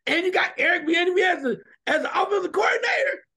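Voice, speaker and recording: A man co-hosting a sports radio show, giving emphatic, animated opinions and shouting now and then. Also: extremely high pitch, quick pace.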